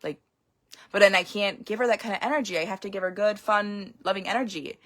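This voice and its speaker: A woman's voice: mid-range voice, fairly even intonation, fairly quick, a bit bright. A young woman, a homeschooling parent, talking casually in a vlog and rambling frankly with lots of fillers.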